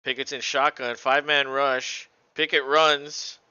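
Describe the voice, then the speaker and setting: Guy calling football plays, bright crisp voice, chill and cussing, kinda muffled stream audio. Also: mid-range voice, a little slow, no echo. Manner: relaxed, laughs often, swears freely. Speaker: co-host doing play-by-play. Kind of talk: casual play-by-play commentary.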